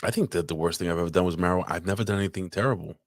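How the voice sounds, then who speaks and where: A man's voice: deep voice, racing, no echo, studio quality. A man co-hosting a podcast in casual chat, blunt, profane and joking. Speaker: podcast co-host.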